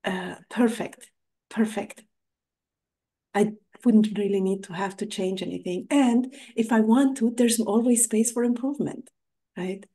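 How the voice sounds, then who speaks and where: A woman's voice: mid-range voice, fairly even intonation, unhurried, dark tone, slightly rough. A woman hosting a podcast in a casual interview chat, affirming her guest and often tagging "right?". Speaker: podcast host.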